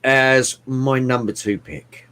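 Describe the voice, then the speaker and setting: A man chatting casually about films, animated and swearing often, with bursts of mimicry. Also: medium pitch, slow pace, smooth. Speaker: podcast co-host. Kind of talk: casual movie chat.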